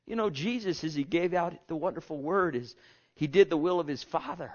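A man preaching a sermon, swinging from hushed murmurs to loud, fervent exhortations. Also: fairly high pitch, brisk, hardly any pauses, dull audio.

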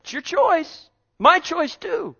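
A man preaching a sermon, swinging between loud exclaiming and quiet asides and calling out to his congregation. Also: very high voice, sing-song, slow, creaky, highs cut off. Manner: calls out to the congregation.

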